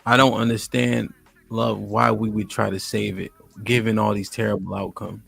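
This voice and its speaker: Gravelly-voiced man hosting a podcast. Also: fairly low pitch, level tone, moderate pace, a bit bright, soft background music. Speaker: podcast host. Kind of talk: casual podcast talk.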